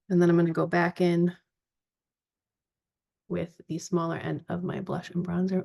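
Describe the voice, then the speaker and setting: A woman in her forties talks through a makeup tutorial in a relaxed, chatty way. Her voice is low, gravelly and a little husky, with a mellow, unforced tone. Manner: chatty, relaxed step-by-step instructions. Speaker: makeup vlogger.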